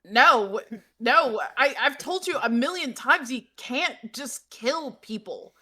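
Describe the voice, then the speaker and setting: Earnest young student, bright and emotional, played by a woman. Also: sits high, animated, takes it slowly, pitched above the performer's own voice, heavily acted. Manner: gushing, rambling, emotional. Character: earnest, soft-hearted young male student.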